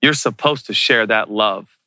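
A man's voice: fairly low pitch, a little slow, bright, forceful tone, no room sound, studio quality. A male pastor preaching a sermon, emphatic, repeating rhetorical questions.

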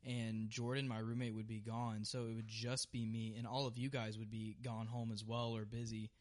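A young man co-hosting a podcast, telling stories in a relaxed casual chat. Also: lowish voice, moderate pace. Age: young adult. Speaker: podcast co-host.

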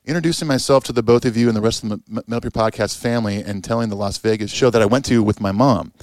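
A man's voice: on the low side, racing, darkish tone, dry recording, studio quality. A man co-hosting a podcast in easygoing casual chat, reading listener emails and agreeing with his partner. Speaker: podcast co-host.

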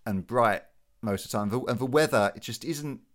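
A man's voice: mid-range voice, fairly quick. A British man hosting a casual interview, thinking aloud with hesitant repeats. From Britain. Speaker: podcast host.

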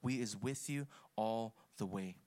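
A man voicing an elderly woman, firm and comforting, quoted slowly in a sermon. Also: lowish voice, darkish tone, voice pushed down, natural voice. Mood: reassuring.

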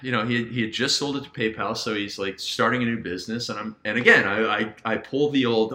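A man's voice: fairly low pitch, fast, bright, forceful tone. A man, a guest business coach, telling stories in casual podcast talk and acting out quoted dialogue with animation. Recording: roomy echo.

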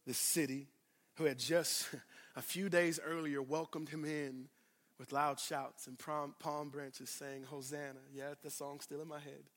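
A man preaching a sermon, swinging from loud declarations to hushed asides and repeating phrases for emphasis. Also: on the high side, level tone, a little slow, long reverb tail. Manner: addresses congregation directly, repeats phrases for emphasis. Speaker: pastor.

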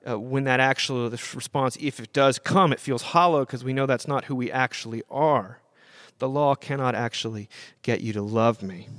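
Man, mid-pitch, earnest theology talk, dry close recording, restarts and stresses words. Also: a bit bright, dry recording. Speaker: speaker on Christian theology. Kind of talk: talk on law and gospel.

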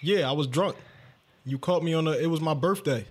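Brief: male podcast host, slightly high voice, animated storyteller who swears a lot. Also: brisk, slightly rough. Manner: animated, swearing, acts out his own lines in a high excited voice. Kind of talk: casual storytelling chat.

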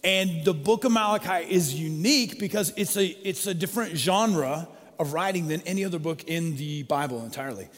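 A man preaching a sermon in an emphatic way, repeating his key phrases. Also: fairly high pitch. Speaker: pastor. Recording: long hall reverb.

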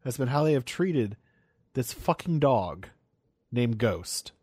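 A man's voice: mid-range voice, big pitch swings, takes it slowly, darkish tone, breathy edge, dry recording, clean studio sound. A young man co-hosting a casual podcast chat, ranting animatedly with swearing and mock quotes. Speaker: podcast co-host.

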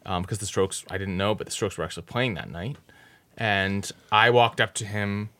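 A man's voice: on the low side, moderate pace, sharp tone. A man in a casual podcast chat who starts a hesitant anecdote.

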